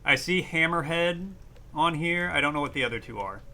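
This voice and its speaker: A man chatting casually as he plays a video game, reading its text aloud and reacting with excitement. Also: a little high, moderate pace. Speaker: streamer. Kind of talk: casual gameplay commentary.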